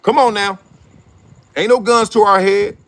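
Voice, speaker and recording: A man's voice: high voice, steady tone, a little slow, a bit bright. A middle-aged man hosting his own show, riffing in slangy casual commentary, laughing often and acting out quotes. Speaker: show host.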